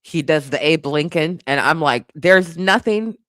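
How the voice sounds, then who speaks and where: A woman's voice: sits low, fairly even intonation, normal speed, a bit bright, no room sound. A woman hosting a casual live stream, laughing often and sounding playfully exasperated.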